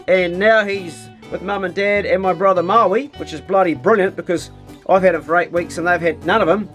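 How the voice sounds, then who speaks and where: Easygoing New Zealand man vlogging. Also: high-pitched. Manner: relaxed, chatty, easygoing with slang. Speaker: vlogger host. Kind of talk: casual vlog chat to camera.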